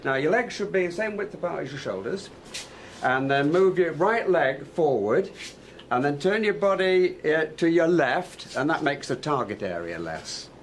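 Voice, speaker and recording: An actor playing a boxing coach who patiently explains stance and balance. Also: male voice, on the high side, normal speed, slight background noise. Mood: instructive. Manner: instructive, steady.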